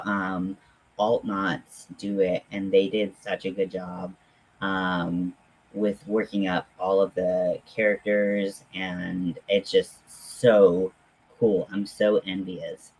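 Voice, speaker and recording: A man hosting a casual livestream, chatting in a halting, friendly way with many pauses and fillers while talking to viewers at home. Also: sits low, fairly even intonation, breathy edge, rough recording. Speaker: livestream host.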